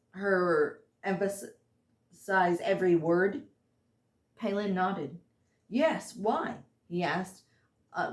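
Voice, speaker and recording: A woman reads her own fantasy novel aloud at an unhurried pace, sometimes tripping over words and starting lines again. Her voice sits at a middling pitch, and the room around her gives a noticeable echo. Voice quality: halting reading with slips, restarts and apologies. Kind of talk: unpolished audiobook reading.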